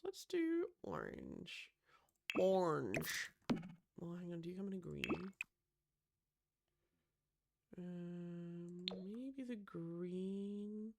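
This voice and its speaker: A woman's voice: on the low side, very animated, slow pace, creaky, pauses often, heavy background noise. A woman chatting casually with lots of gasps and "um"s as she builds a room in a life-sim game. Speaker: Sims builder. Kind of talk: casual gameplay commentary.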